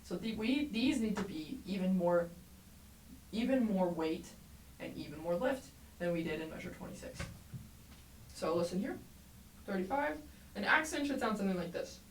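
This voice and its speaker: Woman, trumpet teacher, encouraging, clear explanations, echoey room, set back from the mic. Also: mid-range voice, animated, moderate pace, long pauses. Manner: clear, encouraging, explanatory, sings rhythms aloud. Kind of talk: music lesson tutorial. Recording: roomy echo, mic at a distance, faint background noise.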